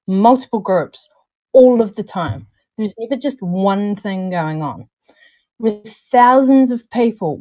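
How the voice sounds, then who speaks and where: A woman's voice: mid-range voice, warm tone, no echo. A young woman co-hosting a casual livestream chat, talkative, stumbling over and repeating words and laughing at herself. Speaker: podcast co-host.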